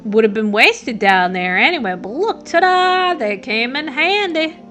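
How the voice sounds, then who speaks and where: A shady, cryptic grave robber from a horror game, voiced by a woman. He talks in a sly slow drawl with lively pitch, over faint music. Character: shady man who digs up graves for teeth.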